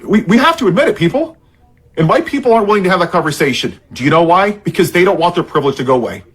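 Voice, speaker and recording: A man's voice: high-pitched, sing-song, racing, husky. A man in an impassioned political rant, angry and heavily sarcastic, sounding worked up and frustrated. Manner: angry and sarcastic, heavy irony.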